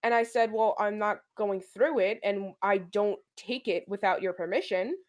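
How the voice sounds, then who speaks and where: Animated New woman telling a story. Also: mid-range voice, normal speed. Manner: animated, profane, acts out quoted dialogue. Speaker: podcast co-host. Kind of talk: casual storytelling chat.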